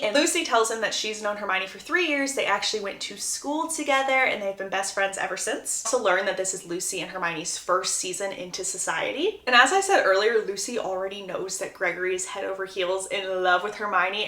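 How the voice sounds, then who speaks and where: A woman casually retelling a novel's plot with animated, gossipy asides. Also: mid-range voice, echoey room. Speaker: book reviewer.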